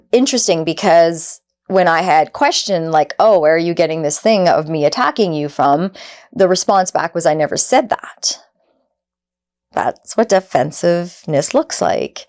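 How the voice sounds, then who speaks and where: A woman's voice: on the low side, darkish tone. A woman hosting a podcast, talking earnestly and conversationally, often saying "like" and acting out quoted dialogue. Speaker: podcast host. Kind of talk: reflective podcast monologue.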